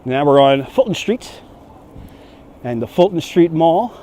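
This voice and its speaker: A man's voice: a little high, sing-song, unhurried, dark tone. A man with a light New York accent giving a casual livestream walking tour outdoors, chatting with viewers' comments as he goes. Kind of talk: casual live-stream chat while walking. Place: city streets outdoors. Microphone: handheld phone on gimbal.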